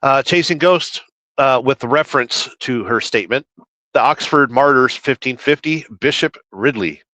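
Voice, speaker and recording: A man's voice: medium pitch, normal speed, sharp tone, no room sound, low-quality recording. A man livestreaming while trucking, reading chat aloud and rambling through opinions in casual talk.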